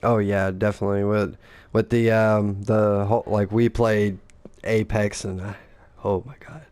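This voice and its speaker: A man's voice: lowish voice, flat delivery, a little slow, darkish tone. A man and father, co-hosting a casual gaming chat, rambling and profane, acting out the lines people said. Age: adult father. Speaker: gaming podcast co-host.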